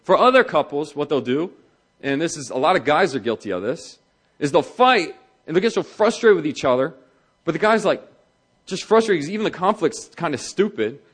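Animated male pastor preaching. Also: a little high, brisk, husky. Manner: animated, conversational, acts out quoted voices. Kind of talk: sermon on marriage.

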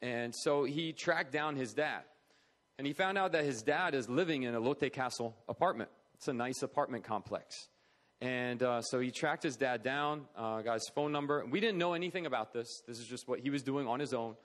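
A man's voice: mid-range voice, normal speed, a bit bright. A middle-aged man speaking at a charity talk, telling a personal story in an earnest, conversational way. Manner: earnest, conversational, acts out quoted voices.

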